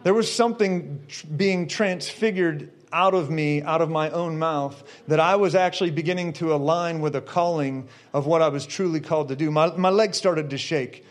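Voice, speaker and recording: A middle-aged man preacher telling a personal testimony, animated, building to shouts. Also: on the high side, moderate pace, few pauses. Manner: animated storyteller, shouting at the climax.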